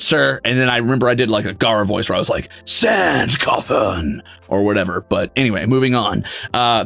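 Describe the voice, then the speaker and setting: A man's voice: medium pitch, vocal fry, a bit bright. A man streaming, reading viewer messages in casual chat with a brash, sarcastic, mock-grumpy way of talking.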